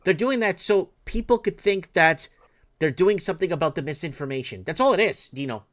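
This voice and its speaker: Male talk-show host, slightly high voice, blunt, swearing, ranting casually. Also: lively intonation, a little fast, a bit bright. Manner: blunt, profane, emphatic ranting. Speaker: podcast host. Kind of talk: casual political chat.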